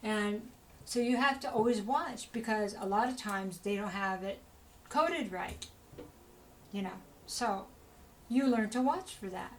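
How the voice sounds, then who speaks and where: A woman's voice: mid-range voice, measured pace, a little hiss or hum, low-quality recording. A woman giving a casual spoken tarot reading, chatty and rambling, with many asides to the listener and an encouraging tone. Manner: chatty, rambling, full of "you know" asides; encouraging, talks straight to the listener. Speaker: tarot reader.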